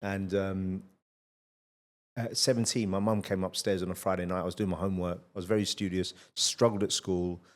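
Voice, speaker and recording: A middle-aged man hosting a podcast, telling blunt, energetic stories in casual conversation and swearing freely. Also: sits low, moderate pace. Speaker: podcast host.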